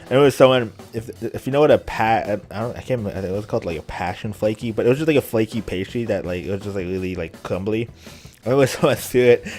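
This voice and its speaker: A young let's play commentator with a lowish, darkish voice tells rambling stories while playing a video game. He uses lots of filler words and laughs frequently.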